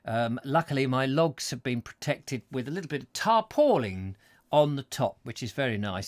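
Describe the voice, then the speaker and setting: A man's voice: mid-range voice, expressive, normal speed. A man hosting a live chat show, reading out viewers' messages with playful jokes and silly voices. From England. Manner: playful, jokey, slips into silly voices and sound effects.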